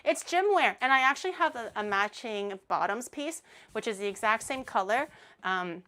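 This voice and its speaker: A woman's voice: a little high, animated, moderate pace, bright, forceful tone. A woman streamer in casual livestream chat, playful and giggly, laughing often and rambling with plenty of fillers. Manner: chatty, rambling with many fillers.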